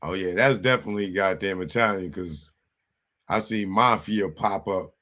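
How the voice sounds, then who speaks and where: A man's voice: low voice, normal speed, sharp tone. A man hosting a casual livestream, rambling and talking to himself while he sounds things out. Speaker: host.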